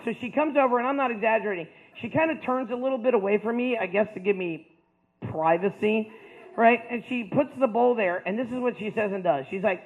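A man speaking to a school audience, telling a personal story with jokes, moving between loud punchlines and quieter stretches. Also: high voice, a little fast. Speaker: motivational speaker. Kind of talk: storytelling talk to students. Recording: tinny phone-like audio.

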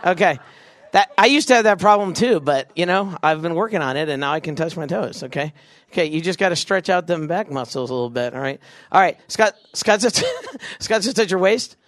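A young man leading a big youth crowd through a game, joking and doing quick silly voices. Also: on the high side, animated, a bit bright, dry recording, clean studio sound. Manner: goofy, quick asides, acts out voices. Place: event venue with a live audience.

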